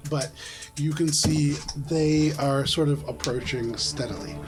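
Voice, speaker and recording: A man serves as game master, narrating a tabletop game in a loose, easygoing way with plenty of fillers. His voice sits slightly high, and clear background music plays beneath him. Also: measured pace.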